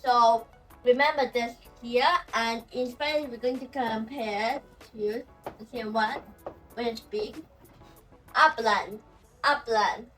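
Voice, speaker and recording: A woman teaching language pronunciation, who talks slowly and says example words over and over. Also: a little high, steady tone, recorded from a distance, faint music behind, low-quality recording. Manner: slow and repetitive, saying example words over and over. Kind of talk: explaining pronunciation.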